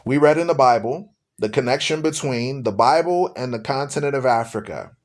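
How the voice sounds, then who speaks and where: A man's voice: medium pitch, lively intonation, moderate pace. A man hosting a live-streamed religious talk show, speaking to his listeners in a preachy, repetitive way. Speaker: radio show host.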